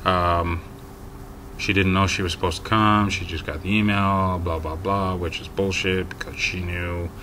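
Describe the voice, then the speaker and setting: Male vlogger, very low voice, exasperated rambling storyteller, light hiss in the recording. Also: flat delivery, a little slow. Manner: rambling, exasperated, lots of ums and so anyways; gets loud and high when quoting his own yelling. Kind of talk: casual storytelling to camera.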